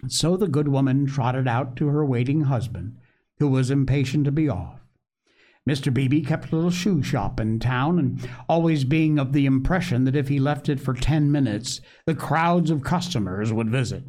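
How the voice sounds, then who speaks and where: A narrator giving an expressive read-aloud of an old-fashioned children's storybook. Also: medium pitch, moderate pace.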